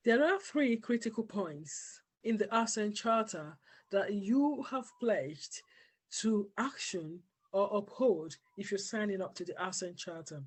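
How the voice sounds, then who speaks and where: Formal host introducing an interview. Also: male voice, high-pitched, expressive, breathy edge. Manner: formal, measured delivery with fillers.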